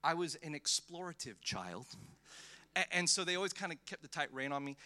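A man in his thirties, a pastor, preaching a sermon in a church in a lively, conversational way, telling personal stories and acting out quotes with many restarts. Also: on the high side, fairly quick. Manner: animated, conversational, lots of restarts and acted-out quotes.

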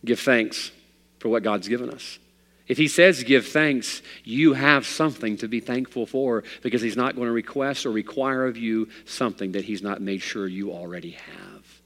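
A male pastor preaching a sermon, telling a story and swinging from loud, emphatic lines to quiet ones. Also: mid-range voice, moderate pace, in a large hall.

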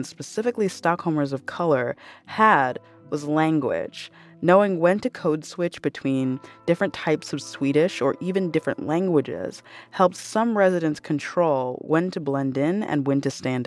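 A narrator reading scripted documentary narration in a measured, explanatory way. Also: medium pitch, animated, soft background music.

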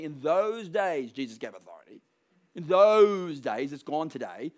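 Preaching a sermon in a fairly high voice, a man presses hard on key lines and builds to forceful peaks. He drops into quick acted-out voices for the people he quotes, and his intonation is lively.

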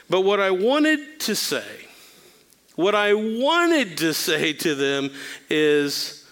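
High-voiced man preaching a candid sermon. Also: a bit bright, clear, resonant tone. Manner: candid, self-deprecating storytelling. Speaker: pastor. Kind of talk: sermon-style talk.

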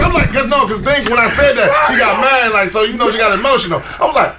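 A man telling a story to friends in casual chat, animated and laughing, acting out quotes. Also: very high-pitched, fast talker. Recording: noisy room recording.

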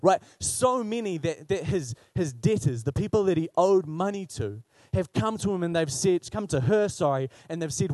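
A man's voice: sits high, lively intonation, moderate pace, a little mellow, no room sound. A man preaching a sermon in a conversational, joking way.

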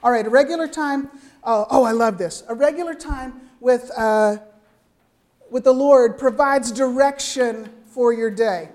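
Older female preacher, slightly high voice, chatty sermon delivery that keeps checking in with the room. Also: a little slow. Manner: lively, conversational, frequent "right?" asides.

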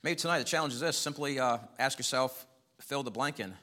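Bright-voiced male preacher. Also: mid-range voice, a little fast. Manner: conversational, chuckles often, voice rises sharply when acting out questions. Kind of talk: sermon.

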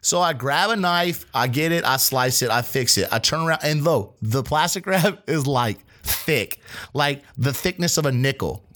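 A man's voice: on the high side, moderate pace. A man co-hosting a podcast, telling a work story in casual, profane chat and acting out the people in it. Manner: animated, profane, acts out quoted voices. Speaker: podcast co-host; restaurant line cook.

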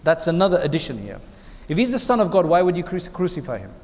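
A man with a high-pitched voice delivers an Islamic lecture as an imam. He talks conversationally and keeps turning to his listeners with rhetorical questions. His words carry a long reverb from a large hall. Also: big pitch swings, fast talker, a little mellow.

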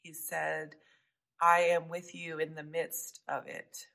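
A woman preaching a sermon, earnest, often dropping to soft hushed tones for emphasis. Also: low voice, flat delivery, slow pace, gravelly, poor audio.

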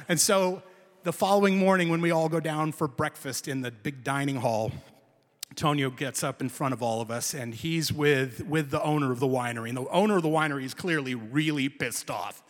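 A man performing a comic personal story live, with lively, emphatic delivery. His voice sits a little high for a man. The sound carries a long hall reverb. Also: normal speed.

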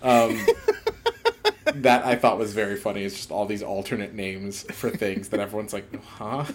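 A man's voice: on the low side, fairly even intonation, moderate pace, slight background noise. A man co-hosting a casual podcast, talking about a film in a loose, chatty way and acting out quotes from it. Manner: chatty, lots of "like", acts out quotes. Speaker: podcast co-host.

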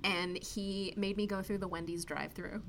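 A woman's voice: medium pitch, level tone, normal speed, fairly bright tone, slight background noise. A woman co-hosting a podcast, chatting about a movie and wandering off into tangents with laughs. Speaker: podcast co-host. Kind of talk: casual movie review chat.

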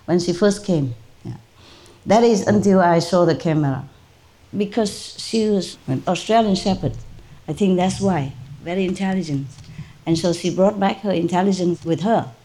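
A woman, a spiritual teacher, telling a story to her disciples in an animated, informal way, laughing often. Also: lowish voice, normal speed.

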